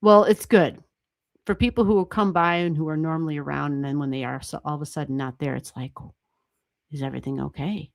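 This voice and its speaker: A woman hosting a livestream, chatting casually as she reads charts, excitable and laughing often, with casual swearing. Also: sits low, a little fast, gravelly, no echo. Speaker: astrology livestream host.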